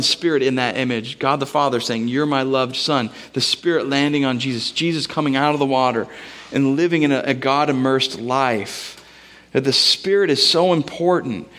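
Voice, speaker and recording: A man's voice: medium pitch, a bit bright. A man, a pastor, preaching a sermon in a casual, conversational way, mixing scripture with personal stories.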